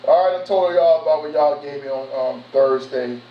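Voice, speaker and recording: A man preaching a sermon, animated and conversational with street slang. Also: a little high, moderate pace. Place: church sanctuary. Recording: echoey room from far off, muffled.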